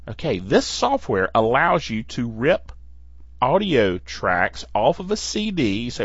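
A playful male podcast host chats about tech with a voice that leaps up and down in pitch. He laughs between phrases. The recording is dull, lo-fi and dry. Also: lively intonation, measured pace, dry recording. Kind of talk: casual tech podcast talk.

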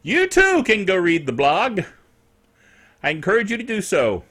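Animated, bright-voiced man hosting a podcast. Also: high-pitched, normal speed, slightly rough. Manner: animated and jokey, playful asides. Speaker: podcast host. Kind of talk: casual solo netcast chat.

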